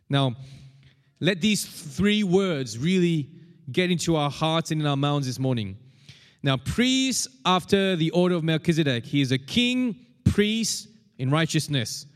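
An emphatic male pastor preaching a sermon, repeating his key phrases and calling on the congregation to say them with him. His voice sits a little high for a man and rings out with a long reverb, as if in a large hall.

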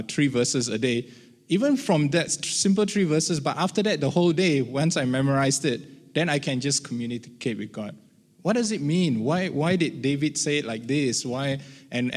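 A man giving a conversational sermon on prayer, often checking in with "right?" and speaking his own prayers aloud as examples. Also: fairly high pitch. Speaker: church teacher. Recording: long reverb of a large hall.

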